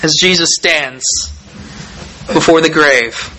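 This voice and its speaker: A man preaching a sermon, reading scripture aloud and explaining it in a measured, deliberate way with emphatic pauses. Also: on the high side, pushed and bright, slight background noise, low-quality recording.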